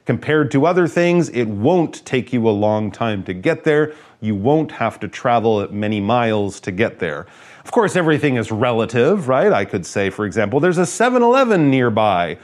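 A man's voice: medium pitch, expressive, normal speed. A man co-hosting an English lesson show, explaining vocabulary in a playful, teacherly way.

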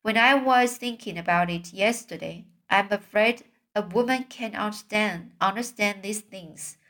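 A woman reads the part of a small, fussy mouse boy from a storybook, proud and heartbroken. The lines come slowly, at a relaxed, unhurried pace, in a plain reading voice with no dramatic acting. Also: medium pitch, natural voice. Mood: despairing. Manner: read aloud plainly in her own voice.

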